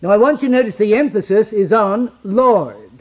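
A man preaching a sermon, swinging between loud declamation and hushed near-whisper, quoting scripture in old-fashioned wording. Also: sits high, normal speed, lo-fi sound.

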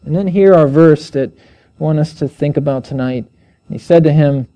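At an evening Bible teaching, a man preaches earnestly in a warm tone and at a moderate pace. He poses questions to his listeners, and his pitch climbs when he reads scripture aloud.

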